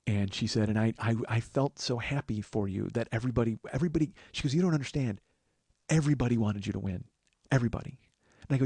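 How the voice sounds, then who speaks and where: Man, podcast host, rambling storyteller, mid-pitched voice, dry close sound. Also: fast talker, a little mellow, slightly rough, no room sound. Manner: rambling, with restarts and acted quotes of others. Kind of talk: casual storytelling monologue.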